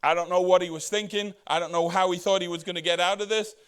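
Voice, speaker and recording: This pastor speaks in a notably high voice with fairly even intonation and a clear, resonant tone, delivering a casual, conversational sermon. He puts rhetorical questions to the congregation and quotes Bible characters in quick voices.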